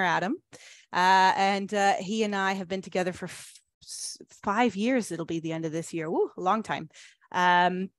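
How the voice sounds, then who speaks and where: A woman's voice: mid-range voice, dry recording. Upbeat woman hosting an online webinar. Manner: upbeat, encouraging, reads chat aloud with quick praise. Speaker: webinar presenter. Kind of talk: online teacher-training webinar.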